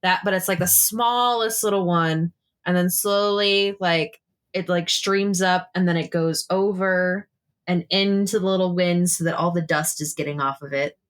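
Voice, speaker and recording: A woman's voice: lowish voice, steady tone, moderate pace, smooth. A woman narrating her character's actions in a tabletop game, rambling and swearing casually. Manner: rambling, profane, laughing often. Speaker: player.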